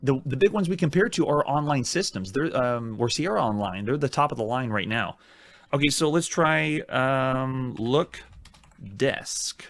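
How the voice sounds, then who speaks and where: A man's voice: medium pitch, a little slow, fairly bright tone, dry recording, clean studio sound. A man hosting a retro game let's-play, chatty and self-mocking as he thinks aloud while typing commands. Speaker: host.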